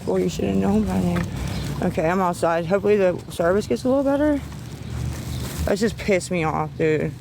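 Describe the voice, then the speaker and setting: A woman's voice: on the low side, fairly quick, gravelly, background noise. A woman livestreaming on her phone, ranting in an agitated, profane way and rambling between topics. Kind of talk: rambling live-stream talk.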